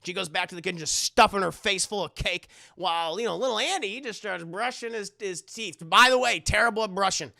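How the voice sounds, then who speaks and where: A young man casually recapping a horror film live, animated and profane, chatting to his viewers on a close mic. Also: high voice, a little fast, creaky, few pauses, no echo. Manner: animated, profane, talking to chat. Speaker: streamer and film reviewer.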